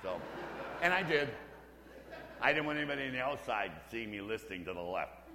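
Priest preaching in an echoing church. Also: male voice, medium pitch, lively intonation, fairly quick, creaky, background noise. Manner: conversational and humorous, dropping to a hush for emphasis. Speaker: Catholic priest leading a parish mission. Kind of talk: storytelling sermon. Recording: roomy church with long reverb.

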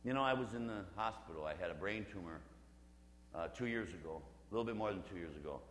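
A Catholic priest in his fifties giving a conversational, humorous storytelling sermon, dropping to a hush for emphasis. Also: low-pitched, expressive, quick pace, slight background noise. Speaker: Catholic priest leading a parish mission. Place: church. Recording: roomy church with long reverb.

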